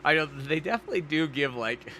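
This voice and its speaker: A man's voice: on the high side, animated, fast talker, pushed and bright, a little hiss or hum. A man co-hosting a podcast, chatting casually and animatedly, swearing and acting out scenes in goofy voices. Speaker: podcast co-host. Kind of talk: casual chat.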